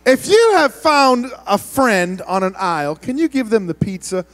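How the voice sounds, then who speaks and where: A man preaching as a youth pastor, playfully wrangling a big room of students and often shouting. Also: high-pitched, very animated, normal speed. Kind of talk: youth ministry sermon.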